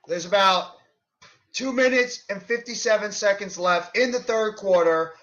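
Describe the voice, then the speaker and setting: A man doing fan play-by-play of a basketball game, shouting on big plays and fuming at the referees. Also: sits high, a little slow, highs cut off. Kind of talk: live play-by-play commentary.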